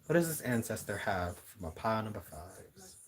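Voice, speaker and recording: A man with a lowish voice talks through a spiritual card reading for his viewers. He muses aloud, circling back and repeating words while he searches for the message. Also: big pitch swings, moderate pace, a little hiss or hum. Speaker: tarot reader.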